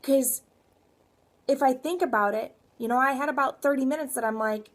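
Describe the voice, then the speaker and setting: A young woman coaching her viewers in a motivational vlog. Her voice sits a little high, and she talks earnestly, wandering and circling back, then pressing her points with emphasis. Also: moderate pace. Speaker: fitness coach.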